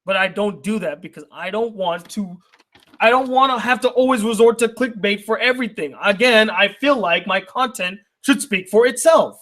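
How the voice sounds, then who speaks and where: A man's voice: high voice, moderate pace, pushed and bright. A young man reading out viewer mail on his channel and ranting at it, indignant and argumentative, firing rhetorical questions. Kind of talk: heated ranting commentary.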